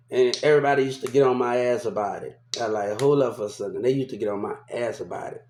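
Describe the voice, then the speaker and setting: New guy rambling, cussing, repeating himself, mid-pitched voice, room echo. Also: fast talker, a little hiss or hum. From New Orleans. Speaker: vlogger. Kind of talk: casual rambling storytelling. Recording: echoey room.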